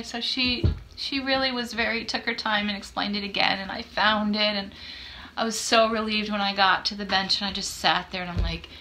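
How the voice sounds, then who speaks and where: A woman's voice: medium pitch, steady tone, normal speed, sharp tone, slight background noise. A woman in her fifties hosting a podcast, telling a personal story in a chatty, self-deprecating way and acting out the dialogue. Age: 50s. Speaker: podcast host. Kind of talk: casual storytelling chat.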